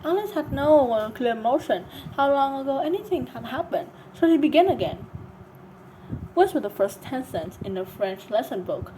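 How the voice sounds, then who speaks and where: A woman's voice: high voice, expressive, normal speed, dark tone, a little hiss or hum, poor audio. A woman reading a storybook aloud, narrating with some stumbles. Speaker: reader.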